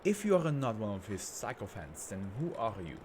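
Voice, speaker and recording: A man's voice: lowish voice, huge pitch swings, moderate pace, darkish tone, slight background noise. A man voicing an arrogant male tycoon who is a brain in a jar, speaking in a grandiose, contemptuous way. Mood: haughty.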